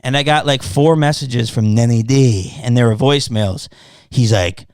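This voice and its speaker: In a clear, resonant mid-range voice at a moderate pace, a podcast host tells a casual story, cursing often and animatedly voicing both sides of an argument. The recording is dry and studio quality.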